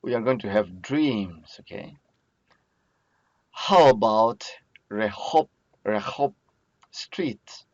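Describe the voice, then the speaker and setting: A man with a lowish voice and talks through a recorded lesson at an unhurried pace, repeating each word to drill it. The sound is dry and dull, like a plain lo-fi recording. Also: expressive, a little mellow, no echo. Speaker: Biblical Hebrew teacher. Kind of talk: recorded lecture over slides.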